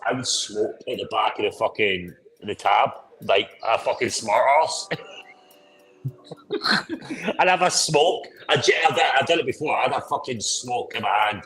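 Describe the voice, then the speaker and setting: A man's voice: lowish voice, a bit bright, slight background noise, rough recording. Swearing, boisterous man telling stories. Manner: swears constantly, boisterous storytelling with laughs. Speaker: podcast co-host. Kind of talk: casual pub-style chat.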